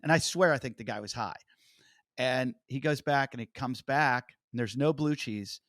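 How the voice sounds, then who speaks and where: A man's voice: medium pitch, normal speed, dry recording, clean studio sound. A man hosting a podcast, telling a story in casual chat and acting out what each person said. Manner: animated storyteller, acting out quotes. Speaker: comedian and podcast host.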